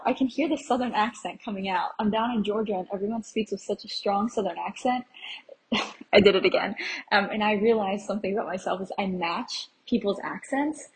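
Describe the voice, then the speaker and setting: A woman's voice: medium pitch, normal speed, rough recording. A young American woman hosting a travel podcast, giving a casual, rambling travel recap and laughing at herself. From USA.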